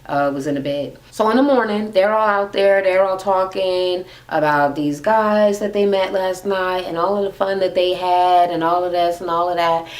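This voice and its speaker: A woman's voice: lowish voice, moderate pace, few pauses. A young woman ranting casually and sassily as she recaps a reality TV episode, with plenty of swearing. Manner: sassy, profane, animated. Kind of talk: casual rant.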